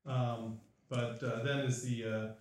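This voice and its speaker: A man's voice: mid-range voice, level tone, takes it slowly. Man running a tabletop game, echoey. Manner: loose, many fillers and hesitations. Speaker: game master. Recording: very echoey room, mic far off.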